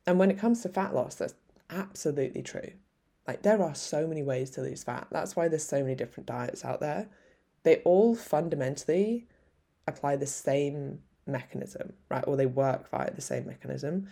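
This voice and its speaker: A woman's voice: low-pitched, animated, moderate pace, gravelly, mellow. A woman fitness coach hosting a solo podcast, talking frankly and encouragingly and swearing casually.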